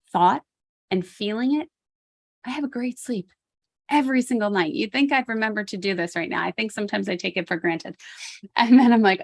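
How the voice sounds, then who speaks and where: A woman's voice: fairly high pitch, fairly quick, creaky, no echo. A woman guest-hosting a talk on self-care, encouraging and laughing often as she repeats key points. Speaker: guest host.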